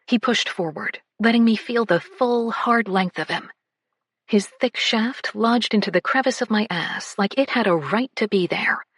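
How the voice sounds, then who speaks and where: A woman narrating a first-person romance audiobook, breathy and often slipping into whispers. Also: medium pitch, unhurried, fairly bright tone, no echo, clean studio sound.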